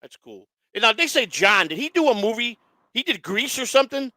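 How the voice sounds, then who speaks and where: A man's voice: very high-pitched, sing-song, a little fast, pushed and bright, no room sound. A man hosting a casual chat, rambling and swearing, with lots of restarts. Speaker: show host.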